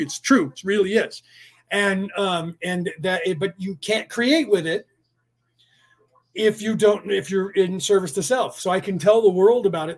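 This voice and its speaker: A man speaking slowly in a rambling spiritual monologue, full of restarts and chanted incantations. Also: high-pitched. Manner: slow, deliberate, with many restarts and chanted incantations.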